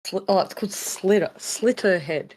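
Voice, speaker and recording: A woman's voice: on the low side, a little slow, poor audio. A woman co-hosting a podcast, chatting in a laid-back way and hedging with "like". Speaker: podcast co-host. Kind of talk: casual chat.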